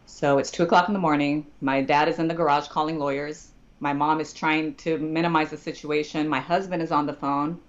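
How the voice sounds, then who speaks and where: Low-voiced woman telling her story. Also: steady tone, fairly quick, few pauses, dull audio. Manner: quotes others in dialogue, voice climbing when she speaks as herself in distress. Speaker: podcast guest. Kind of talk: emotional personal storytelling.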